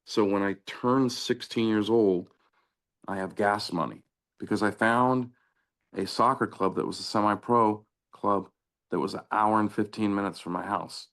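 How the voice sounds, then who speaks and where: Gravelly-voiced man telling lively stories. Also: fairly low pitch, measured pace. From Southern California. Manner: animated anecdotes, acting out quoted dialogue. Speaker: interview guest, former pro soccer player. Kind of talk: casual storytelling.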